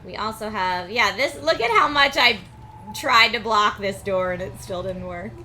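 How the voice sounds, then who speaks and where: A woman streamer talking her way through a video game live, thinking aloud with quick laughs. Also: medium pitch, bright, forceful tone, a little hiss or hum. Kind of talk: live gameplay commentary. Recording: game music playing behind.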